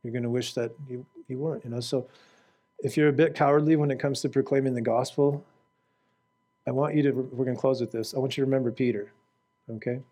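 A male preacher giving a fervent sermon to a congregation. He asks the audience direct questions and swings from shouting to quiet prayer. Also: mid-range voice, fairly even intonation, fast talker.

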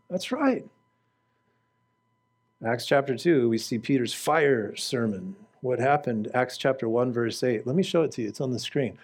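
Fervent preacher man, loud to hushed. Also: medium pitch, expressive, moderate pace. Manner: fervent, swings from shouting to quiet prayer; asks the audience direct questions. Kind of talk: sermon to a live congregation.

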